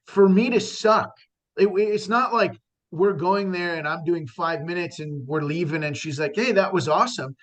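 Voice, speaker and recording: A man's voice: high-pitched, steady tone, normal speed, fairly bright tone. A man, a stand-up comedian, talking earnestly in a casual conversation, with frequent restarts and fillers.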